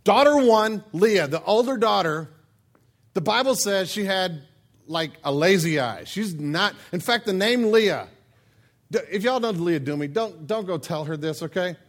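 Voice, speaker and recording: A man with a notably high voice preaches a comic sermon. He tells the story in a joking, animated, conversational way, talking to his listeners directly. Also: a little slow. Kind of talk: humorous sermon.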